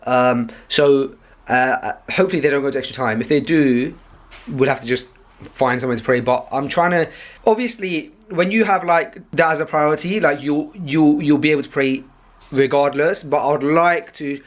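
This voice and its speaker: A young man, talking to camera in a rambling, excitable vlog style, full of fillers and restarts. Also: fairly high pitch, normal speed. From Pakistani heritage. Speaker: vlogger and podcast host.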